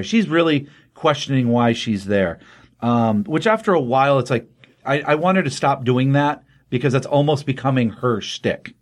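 This man hosts a podcast and walks through a comic book story casually, his medium-pitched voice expressive and moderately paced. He rambles, says um a lot, restarts often, and briefly performs the characters' dialogue.

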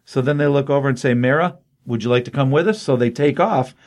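A man in the middle range of pitch, talking through a comic book plot in a relaxed, rambling way. He gets excited about the cool parts and fills the gaps with ums and you-knows. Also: fast talker. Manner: enthusiastic, rambling retelling with fillers and paraphrased quotes. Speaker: podcast co-host recapping comics. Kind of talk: casual comic book recap.

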